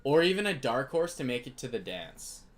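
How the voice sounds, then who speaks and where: A man's voice: medium pitch, sing-song, moderate pace. A young Canadian man hosting a live card break stream, chatting casually and greeting viewers by name.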